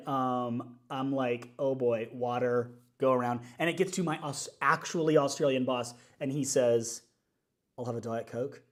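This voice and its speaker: A man, a worship leader, chatting casually and upbeat on a livestream while working things out aloud. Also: a little high.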